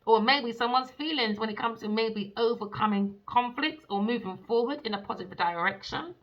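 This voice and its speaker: A woman giving a tarot reading in a theatrical, sassy way, cursing freely and calling listeners pet names, jumping between loud outbursts and low mutters. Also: moderate pace. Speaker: tarot reader. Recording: dull lo-fi recording.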